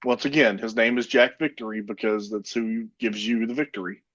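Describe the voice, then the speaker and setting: A man co-hosting a casual chat podcast, talking in a blunt, profane way with deadpan jokes. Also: fairly low pitch, a little fast, no echo. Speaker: podcast co-host. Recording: dull lo-fi dry sound.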